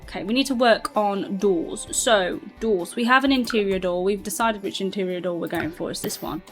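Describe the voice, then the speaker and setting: A woman's voice: medium pitch, normal speed, soft background music. A woman from southern England with a mixed British accent, chatting casually to her live chat while playing a game and laughing often. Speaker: streamer.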